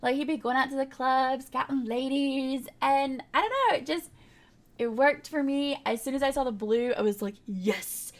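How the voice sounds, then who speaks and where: A woman's voice: high-pitched, fairly even intonation, moderate pace. A young woman, chatting casually in a rambling voiceover over her game build, full of fillers and little laughs. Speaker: game builder narrating a speedbuild.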